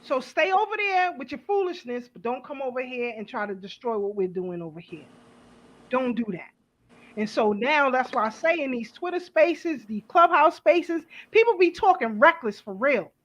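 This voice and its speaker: A middle-aged woman, hosting a casual panel talk, blunt and animated, swearing freely. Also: high voice, lo-fi sound. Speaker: host.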